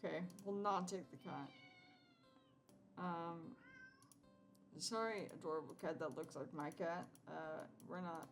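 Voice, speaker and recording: A woman with a fairly low voice reads a game's text aloud and answers it as she plays. Her delivery is animated and chatty, with soft music running faintly underneath. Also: measured pace, long pauses. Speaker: gameplay streamer.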